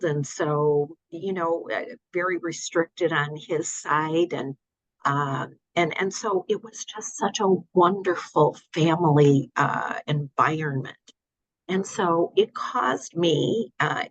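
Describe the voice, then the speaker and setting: An older woman talking in a relaxed interview, hesitant with many fillers and restarts, over a dull audio line. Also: sits low, breathy edge, dry recording. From United States. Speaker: guest. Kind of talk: casual interview.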